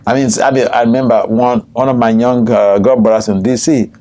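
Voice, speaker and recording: An older man, a swami, teaching a scripture class, telling stories with frequent chuckles and jumping high in pitch when quoting people. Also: steady tone, brisk, mellow. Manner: storytelling, chuckles often, jumps high in pitch for quoted speech. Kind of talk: scripture class with personal anecdotes. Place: temple room.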